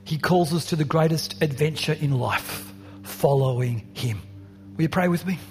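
A man's voice: on the high side, normal speed, a little hiss or hum. A man preaching a sermon as pastor, passionate and building to emphatic repeated lines. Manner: passionate, rising to emphatic repetition. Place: church hall.

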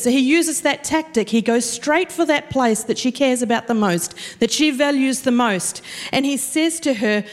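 A woman preaching a sermon, animated and storytelling, acting out the voices she quotes. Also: fairly high pitch, normal speed. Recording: long reverb of a church hall.

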